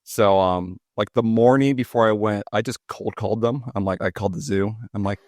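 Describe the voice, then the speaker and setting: Brief: male podcast host, 40s, low-pitched, dry close sound, playful storyteller. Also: steady tone, a little fast, hardly any pauses, a little mellow, dry recording. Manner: jokey, self-deprecating, chatty. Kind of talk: casual storytelling chat.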